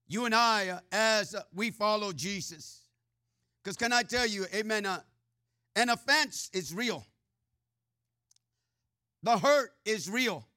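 A man's voice: high voice, pushed and bright, no echo, clean studio sound. A man preaching a sermon, reading scripture with sing-song swells and dropping "uh" and "amen" between phrases. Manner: frequent filler "uh" and "amen" asides.

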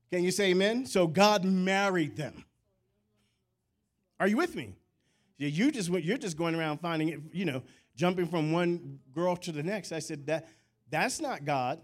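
Animated, higher-pitched male preacher. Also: measured pace. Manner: animated preaching with call-and-response; conversational storytelling asides. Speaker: pastor. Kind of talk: sermon.

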